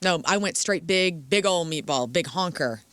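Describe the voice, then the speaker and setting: A woman co-hosting a comedy radio show, talking in playful, animated banter. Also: fairly low pitch, moderate pace, no room sound.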